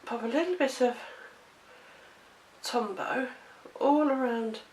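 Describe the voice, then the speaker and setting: A woman's voice: a little high, slow pace, darkish tone. Breathless woman demonstrating crafts. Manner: chatty, self-deprecating, talks while working. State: out of breath, coughing. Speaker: craft tutorial presenter. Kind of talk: chatty step-by-step craft demonstration. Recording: echoey room, distant mic, noisy background.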